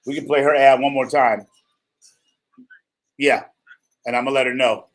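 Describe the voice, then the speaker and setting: A middle-aged man hosting a casual radio talk show. His voice sits at an ordinary pitch. He rambles, restarts and cracks jokes as he chats with his guest. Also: steady tone, moderate pace. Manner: chatty, jokey, rambling with restarts. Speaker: radio host.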